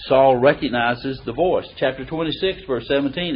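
A middle-aged man giving a conversational sermon in a folksy, animated way, who reads verses aloud with emphasis. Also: mid-range voice, normal speed, slight background noise. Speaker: preacher or Bible teacher. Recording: dull lo-fi recording.

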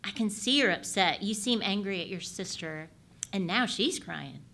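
A woman playing a patient, empathetic father who talks gently and reassuringly to his upset son. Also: mid-range voice, lively intonation, moderate pace. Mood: soothing.

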